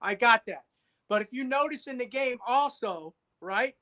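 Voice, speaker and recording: A man's voice: extremely high pitch, lively intonation, normal speed, bright, forceful tone. A man co-hosting a casual sports talk show, insistent, repeating himself and checking agreement with "right?". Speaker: podcast co-host.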